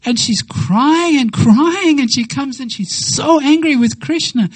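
A woman giving a devotional talk, telling a sacred story with lively acted-out quotes and slow, reverent phrasing. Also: high voice, no room sound, low-quality recording. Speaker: devotional speaker.

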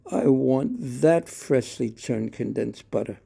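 A man's voice: mid-range voice, slow, vocal fry, mellow, slightly rough, full character voice. A man voicing a small, playful boy god who pleads and insists on getting what he wants. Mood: insistent.

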